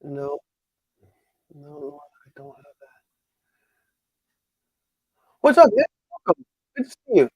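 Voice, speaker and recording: A man's voice: a little high, wildly swooping pitch, takes it slowly, long pauses, slightly rough, no room sound, low-quality recording. A man chatting casually with viewers on a live stream while showing his pin collection and answering their comments.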